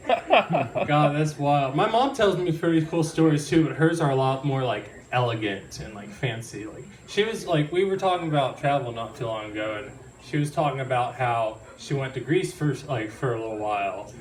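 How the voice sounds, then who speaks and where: Giggling and apologizing often, a young man rambles through a stand-up set before an audience in a live comedy venue. He speaks in an animated, mid-range voice at a moderate pace, captured in a roomy, distant live recording with crowd noise.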